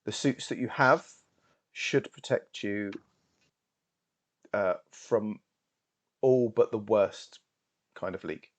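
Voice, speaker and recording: A man voicing a calm, formal male ship officer who speaks in a measured way. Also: lowish voice.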